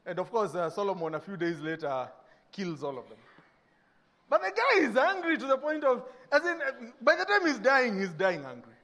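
High-voiced Kenyan pastor preaching with fire. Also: male voice, normal speed. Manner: animated preaching, acting out mock dialogues, swinging between loud and hushed. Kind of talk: sermon.

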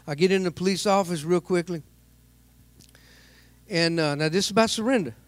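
A man preaching a sermon, telling a personal story in an animated way and acting out the people in it. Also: sits high, moderate pace, dry recording. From United States. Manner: animated, voices the people in his stories.

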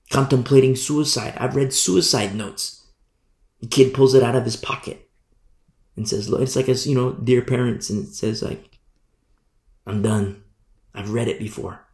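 Gravelly preacher man with swinging volume. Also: mid-range voice, steady tone, a little slow, pauses often, echoey room. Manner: preaching with sudden drops to a hush and rises to loud emphasis. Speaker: pastor. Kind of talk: sermon.

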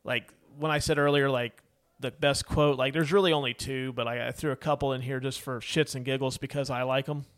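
A man's voice: mid-range voice, steady tone, fairly quick, hardly any pauses, fairly bright tone. A man co-hosting a casual movie podcast, rambling with many fillers and laughs. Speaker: podcast co-host. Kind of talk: casual movie review chat.

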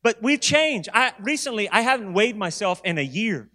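High-voiced man preaching in an echoing hall. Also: normal speed. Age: 40s. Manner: animated preaching with storytelling asides. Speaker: pastor. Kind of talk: sermon. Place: church sanctuary. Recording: long reverb of a large hall.

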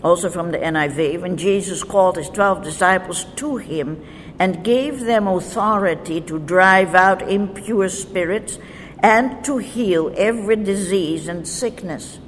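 A woman teaching from the Bible, reading verses in a measured, deliberate way. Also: fairly low pitch. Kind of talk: slow scripture teaching. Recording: faint noise with long reverb.

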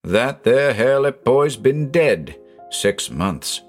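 A man voicing an excitable rustic farmer who talks in folksy backcountry speech with an excited quaver. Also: medium pitch, measured pace, faint music behind. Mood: solemn.

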